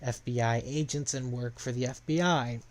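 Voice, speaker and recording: A man's voice: mid-range voice, fairly even intonation, moderate pace. A young man casually recapping a story plot, rambling with lots of fillers.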